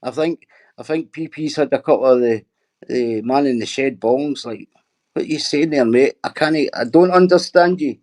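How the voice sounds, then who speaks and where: A middle-aged man chats casually on his livestream, reading viewer comments aloud. He answers them with sweary, teasing banter. His voice sits at an ordinary pitch. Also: moderate pace, darkish tone.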